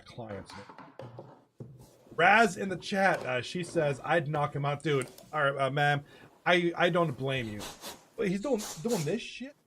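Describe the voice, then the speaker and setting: Male stream host, fairly high voice, animated and loose, quick to laugh and curse. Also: slight background noise. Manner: laughs often, swears freely, reads chat aloud. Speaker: host of an online hockey game league stream. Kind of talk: casual live-stream commentary.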